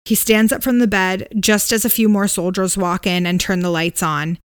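On this podcast, a female co-host speaks at medium pitch and normal speed, her voice smooth as she loosely recounts a ghost story peppered with "um"s and "like"s. The relaxed delivery is full of fillers and hedges, captured in clean studio sound without echo.

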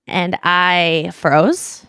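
A woman's voice: extremely slow, smooth, no room sound, clean studio sound. A young woman co-hosting a podcast, telling a story in casual chat and swearing freely. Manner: animated, swears freely, acts out quotes in shrill yells. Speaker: podcast co-host.

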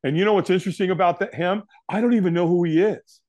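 Animated middle-aged male storyteller. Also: sits high, fast. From United States. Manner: animated storyteller, acts out quotes. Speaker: guest. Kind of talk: storytelling interview.

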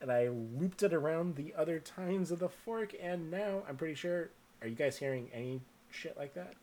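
Man, podcast guest, joking asides, laughs a lot, slightly high voice, earbud mic. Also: lively intonation, normal speed, darkish tone. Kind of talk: casual comedic chat. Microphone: earbud headset mic.

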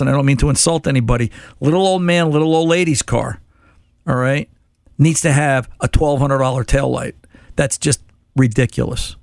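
A man's voice: a little high, creaky, no room sound, studio quality. A man hosting a car repair radio show, telling a story in a chatty, exasperated way and often repeating words. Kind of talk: radio call-in talk, storytelling.

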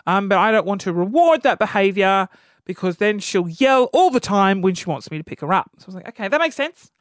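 Fairly quick and pitched high, a thirtysomething man hosts a podcast and spins exasperated comedic stories about what bugs him. He's animated throughout, and the studio-quality recording is dry.

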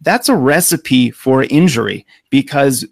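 A man's voice: mid-range voice, expressive, unhurried, creaky, no echo, studio quality. A middle-aged American man, a running coach, explaining training earnestly in a podcast interview with frequent filler words. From United States.

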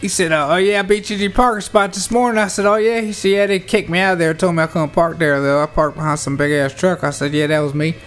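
A man's voice: high voice, fairly even intonation, quick pace, few pauses, a bit bright, faint music behind. A man telling a long, rambling, profane story in casual podcast chat. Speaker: podcast co-host.

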